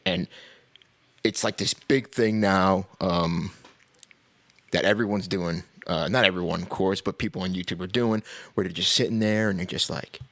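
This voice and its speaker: Deep gravelly man ranting on a podcast. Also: fairly bright tone. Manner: profane, blunt and sarcastic; laughs between points. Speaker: podcast host. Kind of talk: casual podcast rant.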